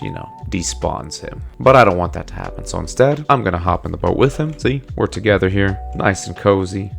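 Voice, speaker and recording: A man's voice: deep voice, creaky. A man giving casual let's play commentary in a chatty way, often talking to characters in the game. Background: faint background music.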